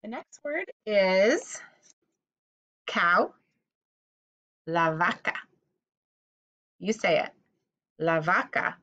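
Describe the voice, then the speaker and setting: Woman teacher, unhurried delivery, patient; repeats each word for kids to echo. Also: medium pitch, sing-song, pushed and bright, muffled recording. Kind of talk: vocabulary lesson for children.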